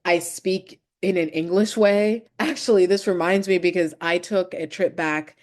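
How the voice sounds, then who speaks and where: A woman with an American accent talks in a reflective solo podcast, her voice sitting a little low. She speaks candidly and thoughtfully, with a self-conscious, open manner. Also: fairly even intonation, measured pace, a little mellow. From United States. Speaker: podcast host.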